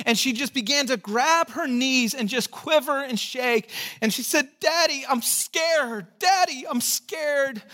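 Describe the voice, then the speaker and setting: High-voiced pastor preaching a sermon. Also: male voice, bright, forceful tone. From California, United States. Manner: earnest, storytelling, with dry jokes.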